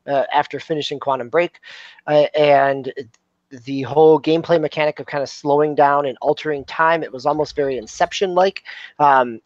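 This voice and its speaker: A man co-hosting a gaming podcast, explaining quickly in casual chat with many fillers. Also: medium pitch, no room sound. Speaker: podcast co-host. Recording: dull dry lo-fi mic.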